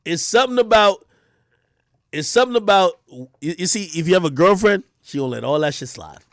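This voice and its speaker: High-voiced male streamer, slangy and profane, repetitive, dry close sound. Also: fairly quick, no echo. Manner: animated, profane, slangy, repeats himself. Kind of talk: casual livestream rant.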